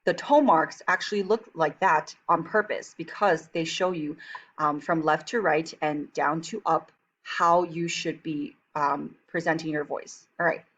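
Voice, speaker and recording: A woman teaching a Chinese textbook lesson, talking quickly and chattily, and slowing down for careful pronunciation demonstrations. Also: sits low, fairly even intonation, a bit bright, lo-fi sound, slight background noise. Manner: fast-talking, chatty, switches into slow careful Mandarin demonstrations.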